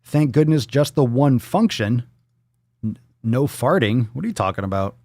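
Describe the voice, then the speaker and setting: A man hosting a fitness livestream. He talks casually, reacting to viewer posts with loud jokes, swearing and pep-talk coaching. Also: medium pitch, big pitch swings, normal speed, dry recording, clean studio sound. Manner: loud, profane, joking, coaching.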